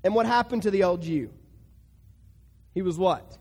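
A man preaching a sermon, emphatic, dropping low and quiet then breaking into loud bursts. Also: normal speed. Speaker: pastor. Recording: long hall reverb.

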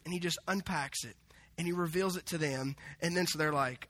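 Male pastor, high bright voice, lively storytelling sermon with playful acted-out quotes. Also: normal speed. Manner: animated, acts out quoted voices with humor.

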